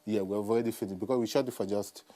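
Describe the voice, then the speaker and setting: Brief: Nigerian man, young adult, Nigerian accent, mellow voice, quick animated storytelling guest. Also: fairly low pitch. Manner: animated storyteller, acts out quotes, repeats "you understand". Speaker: musician guest. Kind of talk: casual interview chat.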